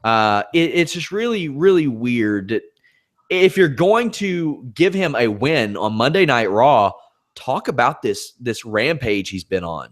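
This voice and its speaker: A man's voice: medium pitch, very animated, unhurried. A man hosting a podcast, moving through topics in a conversational way and putting questions to his co-host. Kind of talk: casual podcast chat.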